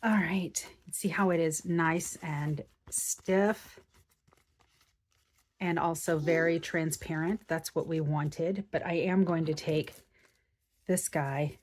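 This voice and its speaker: A woman's voice: deep voice, steady tone, slow pace. A woman hosting a craft tutorial, chatting casually and thinking aloud as she works. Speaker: crafting channel host.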